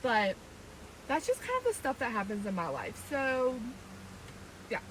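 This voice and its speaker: Woman, casual anecdote, chatty, fairly high pitch, faint background noise. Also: unhurried, poor audio. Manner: chatty, animated storytelling. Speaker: storyteller in a played clip.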